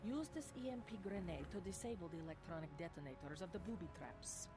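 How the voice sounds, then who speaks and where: An actress doing a stern cyborg woman agent from a video game, cold and proud, who never uses contractions. Her voice is mellow and dark in tone yet swings widely in pitch. Soft game music plays underneath. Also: expressive, fast talker, natural voice. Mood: cold, commanding. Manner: clipped, formal, without contractions.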